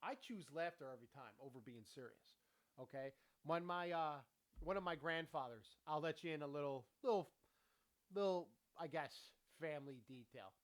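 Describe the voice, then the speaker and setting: Man in his forties, podcast host, blunt and profane, rambling, fairly high voice. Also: animated, normal speed. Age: 40s. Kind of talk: casual motivational monologue.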